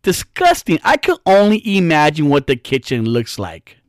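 A man telling a casual, profane story with an animated, exaggerated sense of disgust. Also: fairly high pitch, normal speed, no echo, clean studio sound.

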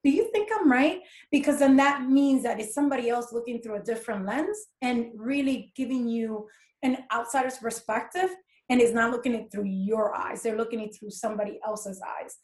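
Candid middle-aged woman, slightly high voice. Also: fairly even intonation, fairly quick, darkish tone. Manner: candid, emphatic, storytelling. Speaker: guest. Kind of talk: casual conversation.

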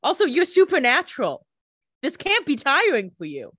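A woman co-hosting a podcast, making quick-witted, joking asides about a TV episode. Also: high voice, wildly swooping pitch, bright, forceful tone, dry recording, clean studio sound. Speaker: podcast co-host. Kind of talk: casual TV episode recap chat.

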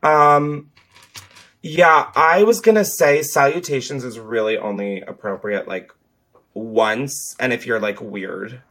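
A man's voice: mid-range voice, takes it slowly. A man hosting a podcast on headphones, chatting casually, joking and swearing as he answers callers. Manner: profane, joking, animated. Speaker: podcast host. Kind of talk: casual chat.

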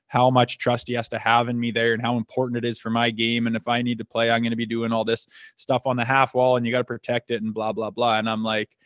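A man, a former hockey enforcer, telling profane, animated stories on a podcast, acting out what others said. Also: medium pitch, fast talker, few pauses, dry recording. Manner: profane, animated anecdotes acting out quoted dialogue. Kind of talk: casual storytelling chat.

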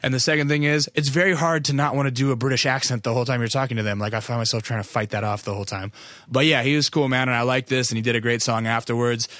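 Loose-talking American podcast host, dry sound. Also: male voice, medium pitch, steady tone, quick pace, a bit bright, no echo. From United States. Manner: rambling, loose and profane, lots of fillers. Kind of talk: casual podcast monologue.

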